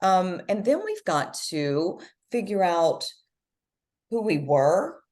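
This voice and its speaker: A woman's voice: sing-song, slow pace, darkish tone. A middle-aged woman talking earnestly as a podcast guest, emphatic and encouraging. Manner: emphatic, earnest, speaks in sweeping swings of pitch. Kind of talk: motivational conversation.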